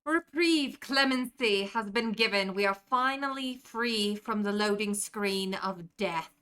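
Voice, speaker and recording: A woman streamer talks slowly and unhurriedly in a put-on British accent, chatting with her viewers and answering their messages aloud. Her voice is bright and forward, recorded close on a desktop mic at home. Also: mid-range voice, clear, resonant tone. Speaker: live streamer. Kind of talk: casual stream chat with viewers. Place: home room.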